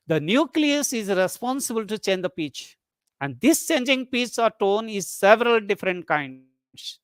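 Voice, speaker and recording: Lecturer, mid-pitch, methodical webinar delivery that repeats points and demos example sentences; dry, close recording. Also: clean tone, no room sound. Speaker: lecturer on English intonation.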